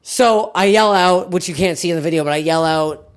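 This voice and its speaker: A Canadian woman, a comedian and podcast host, tells a story in casual conversation, brash and profane, animatedly acting out the people involved. Her voice is on the low side and her pace is brisk.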